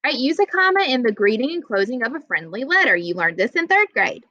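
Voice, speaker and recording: A woman teaching a classroom grammar lesson, plainly explaining rules and slowly reading out example sentences. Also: fairly high pitch, big pitch swings, bright, forceful tone, no echo, dull audio.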